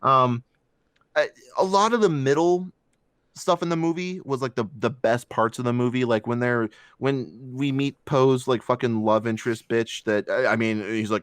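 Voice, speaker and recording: A man's voice: medium pitch, fairly even intonation, moderate pace, dry recording, clean studio sound. A man co-hosting a casual movie review podcast, ranting with heavy swearing and mocking voices. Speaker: podcast co-host.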